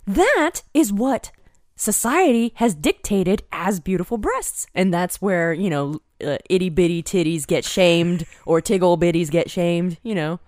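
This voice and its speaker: A woman's voice: fairly low pitch, expressive, measured pace, darkish tone, no echo, studio quality. A woman co-hosting a podcast, chatting casually with wry, teasing wordplay. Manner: wry, teasing, plays with words. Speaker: podcast co-host. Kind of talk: casual comedic chat.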